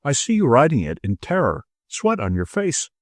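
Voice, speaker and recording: A man voicing a stern gentleman who lays out a swindler's guilt in a commanding, ironic way. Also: medium pitch, expressive, normal speed, no echo, clean studio sound, natural voice. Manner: commanding, ironic, building in force.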